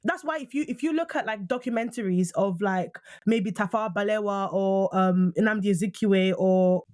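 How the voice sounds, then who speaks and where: Woman in her thirties, british accent, podcast co-host, animated chat, close dry sound. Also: medium pitch, no echo. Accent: British English. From Nigeria. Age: 30s. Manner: animated, quick asides, frequent restarts. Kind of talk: casual chat.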